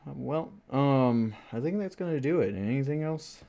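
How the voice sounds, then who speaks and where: A man's voice: medium pitch, animated, moderate pace, creaky, warm tone. A man hosting a casual racing podcast, talking loosely with lots of fillers and laughing at himself. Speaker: podcast host and sim racing driver. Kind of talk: casual chat.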